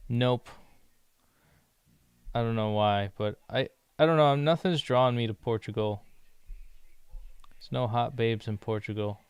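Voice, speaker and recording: Slow, rambling, chatty young man. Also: medium pitch, smooth, no echo. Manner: rambling, chatty, laughs often. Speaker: vlogger learning a language. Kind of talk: casual chat while doing language lessons. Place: living in Brazil.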